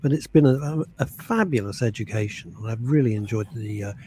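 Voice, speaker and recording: A man's voice: mid-range voice, brisk, noisy background. A man co-hosting a podcast, speaking in a wry, self-deprecating way. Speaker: podcast co-host. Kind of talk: casual podcast chat.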